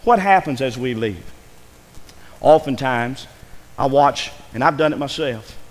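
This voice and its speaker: Earnest preacher in a reverberant church. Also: male voice, medium pitch, lively intonation, measured pace. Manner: earnest, pleading, rising with emotion. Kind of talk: sermon. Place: church sanctuary.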